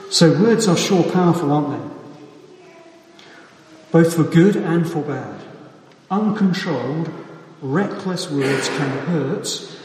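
A man preaching a sermon with a measured, deliberate delivery and emphatic pauses, heard in a church hall. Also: on the high side, darkish tone, slight background noise. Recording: echoey hall from far off.

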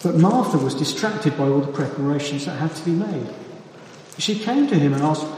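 A man preaching a sermon with a measured, deliberate delivery and emphatic pauses, heard in a church hall. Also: fairly high pitch, expressive, darkish tone, a little hiss or hum. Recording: echoey hall from far off.

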